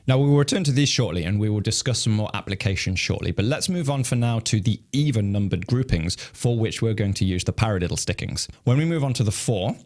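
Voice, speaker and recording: A male drum teacher with a somewhat low voice walks through stickings step by step. He sounds calm and methodical and counts the beats aloud as he plays. His manner is patient and instructional. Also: fast talker, few pauses.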